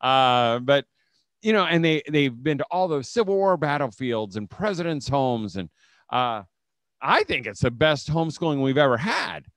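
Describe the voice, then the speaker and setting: A man's voice: medium pitch, big pitch swings, normal speed, fairly bright tone, no room sound. A middle-aged man giving a conversational talk to homeschool leaders, telling stories and acting out quotes. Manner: conversational storytelling, acts out quotes. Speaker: speaker at a homeschool leaders' event. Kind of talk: conference talk.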